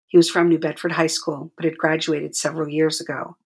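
A woman narrating her own memoir in a quiet, measured way. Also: low voice, little pitch movement, vocal fry, husky. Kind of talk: reading a memoir aloud.

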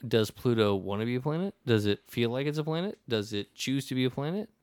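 A man's voice: mid-range voice, animated, fast, darkish tone, clean tone, no room sound. A man hosting a casual podcast conversation, talking in long rambling stretches with many restarts and acting out the people in his stories. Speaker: podcast host.

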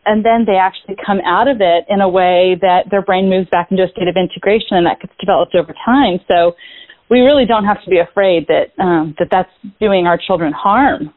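A woman's voice: mid-range voice, fairly quick. Woman guest on a tinny phone line. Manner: reflective, thinks aloud with many "you know" restarts. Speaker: guest author on parenting. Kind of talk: conversational interview.

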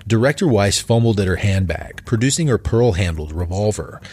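A man narrating a dark horror story in a measured, deliberate way. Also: fairly low pitch, expressive, breathy edge.

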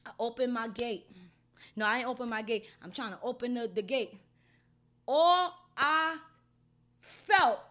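A woman's voice: a little high, unhurried, pauses often, a bit bright. A woman telling her own story casually, in a blunt, heated and heavily profane way. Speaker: storyteller recounting an assault.

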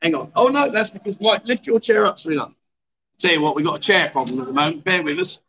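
Bright, chatty host. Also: male voice, fairly high pitch, expressive, fast, low-quality recording. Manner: chatty, teasing, coaxing. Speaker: livestream chat show host. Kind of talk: casual chat. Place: outdoor bar.

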